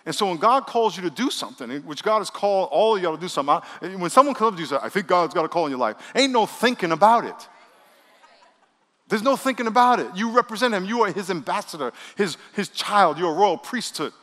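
A male pastor preaching a sermon, leading the congregation in call-and-response and swinging between loud bursts and quiet asides. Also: sits high, lively intonation, quick pace, in a large hall. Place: church sanctuary.

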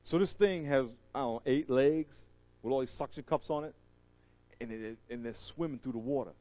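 A man doing stand-up storytelling, animated and acting out the voices in his story while laughing at it himself. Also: mid-range voice, moderate pace, dry recording. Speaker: comedian.

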